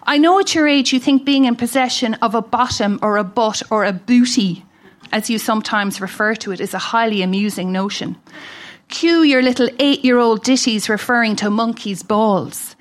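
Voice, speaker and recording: Irish woman, slightly high voice, wry dry humour, reading a funny letter aloud on stage. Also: moderate pace. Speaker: festival reader. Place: live event stage.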